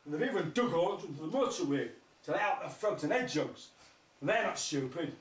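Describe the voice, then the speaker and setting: A man's voice: fairly high pitch, lively intonation, quick pace. A man doing rambling surreal stand-up, firing crude absurd one-liners and laughing at his own jokes. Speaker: stand-up comedian. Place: live music festival stage. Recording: echoey, distant mic, faint noise.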